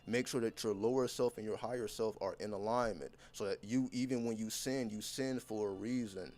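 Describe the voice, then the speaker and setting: A man's voice: lowish voice, moderate pace, darkish tone. Blunt, profane man giving a motivational rant. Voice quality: blunt, heavily profane, intense. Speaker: content creator. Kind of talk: unscripted motivational monologue.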